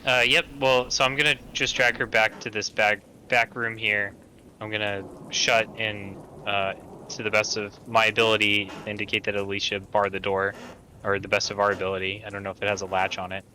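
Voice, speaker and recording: A man playing an online tabletop game, calm and steady, speaking partly in character. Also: on the low side, brisk, a little hiss or hum, poor audio. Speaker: player.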